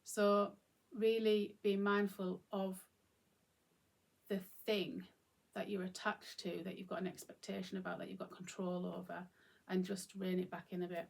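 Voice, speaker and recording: Woman, solo reflective talk, casual and musing, gravelly fry, mid pitch. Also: level tone, moderate pace. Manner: musing, informal, many fillers and restarts. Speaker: channel host.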